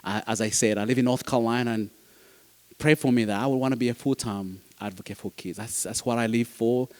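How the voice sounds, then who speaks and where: A man's voice: mid-range voice, fairly even intonation, brisk. A man, a foster dad giving a heartfelt speech to an audience, earnest, repeating phrases and restarting sentences. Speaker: foster parent speaking at a summit.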